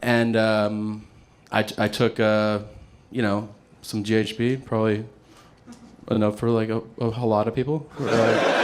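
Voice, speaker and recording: A male stand-up comedian telling a story on stage, animated and profane, jumping high in pitch for quoted voices. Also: unhurried.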